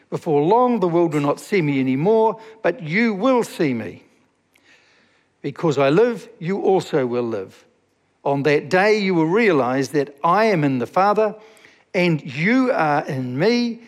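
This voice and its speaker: A man preaching a sermon as a pastor, reading scripture slowly and asking the congregation questions. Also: sits high, long reverb tail.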